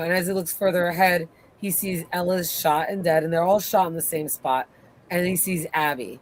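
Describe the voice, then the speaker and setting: A podcast co-host in a casual show recap, retelling scenes with lively acted-out quotes. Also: medium pitch, slight background noise. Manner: animated retelling, acts out quotes.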